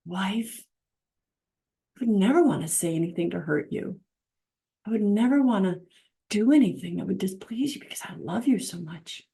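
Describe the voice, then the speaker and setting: A woman's voice: medium pitch, expressive, moderate pace, gravelly, pauses often, mellow. A middle-aged woman giving a casual, earnest teaching talk on faith and marriage, acting out the voices she quotes and driving her points home through repetition.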